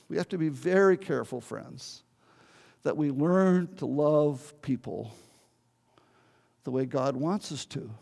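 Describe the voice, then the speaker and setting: A man's voice: fairly high pitch, slow, creaky, long pauses, darkish tone. An older man, a pastor telling a story in a sermon and pleading earnestly with his congregation. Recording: long hall reverb.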